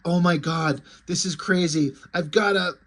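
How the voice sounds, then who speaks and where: A man voicing a brash, foul-mouthed young woman who steals for a street gang, read in a flat, mocking way. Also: a little high, unhurried, close to an everyday voice. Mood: whiny.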